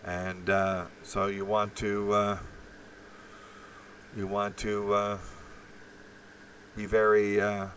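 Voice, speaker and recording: A man's voice: on the low side, completely flat delivery, slow, long pauses, fairly bright tone, recorded from a distance, slight background noise, poor audio. A man hosting a live stream, rambling profanely with many fillers and restarts while reacting to chat.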